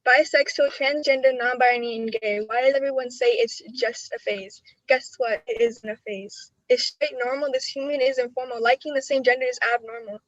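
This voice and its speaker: A teenage girl with a high voice reads her spoken word poetry over a video call, earnest and emotional. The sound is dry and a little muffled, without much room tone. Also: steady tone, fairly quick, hardly any pauses, no echo. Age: teens. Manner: earnest, emotional delivery with nervous laughs between poems. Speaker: student poet.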